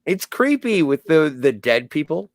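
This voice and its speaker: A man's voice: a little high, very animated, unhurried, no echo. A man co-hosting a podcast, chatting casually and tossing in dry, joking asides. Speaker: podcast co-host. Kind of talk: casual chat.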